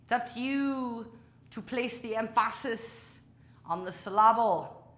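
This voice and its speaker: Her voice is a little high and fairly bright, and she speaks slowly. She's an instructor leading a live home workout class, chatting away, making fun of herself and tiring as she exercises.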